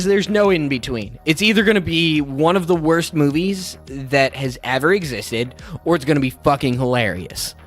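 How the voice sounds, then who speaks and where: A man's voice: a little high, fairly bright tone. Sarcastic ranting podcast co-host man. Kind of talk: casual movie podcast chat.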